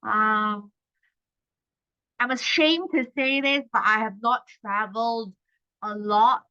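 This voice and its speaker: Malaysian woman tutor, 30s, chatty class delivery with a bright edge on dull lo-fi audio. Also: on the high side, steady tone, slow pace, smooth. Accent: Malaysian English. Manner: chatty, tags lines with "okay?". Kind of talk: exam-prep class.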